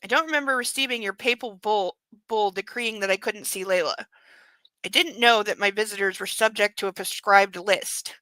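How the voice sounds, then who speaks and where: An indignant young wife fires back in clipped lines, read by a woman in her own voice. The voice sounds bright and is recorded close and dry. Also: medium pitch, normal speed, dry recording, lightly acted.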